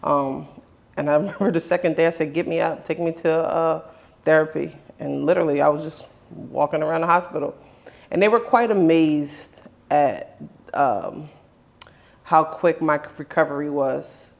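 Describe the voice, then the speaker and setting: A man's voice: fairly high pitch, steady tone, normal speed, vocal fry. A man hosting a conversation, earnestly telling a personal story in his own words and often quoting what others said to him. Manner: earnest, with many restarts and quoted dialogue. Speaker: host.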